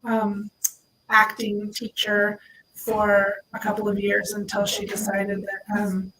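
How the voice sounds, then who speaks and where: A woman guest in casual chat, chatty and animated as she tells stories. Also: medium pitch, slow, background noise.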